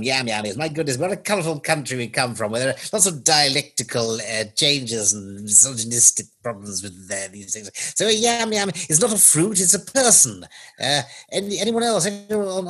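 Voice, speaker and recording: Man, podcast co-host, casual chat, husky tone, lively swooping pitch. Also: normal speed. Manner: jokey, playful, mock-grand.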